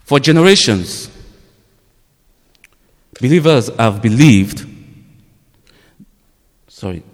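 A man preaching a sermon, halting with fillers at first, then rising to emphatic points. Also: on the low side. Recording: long hall reverb.

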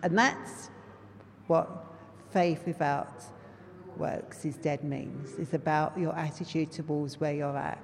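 A woman with a London accent shares her testimony from the front of a church, earnest and chatty with the congregation. Her voice rings out with a long reverb through a big hall, over a faint hum of the room. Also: lowish voice. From England. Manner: earnest and conversational, warm asides to the congregation. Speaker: lay preacher. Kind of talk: personal testimony sermon.

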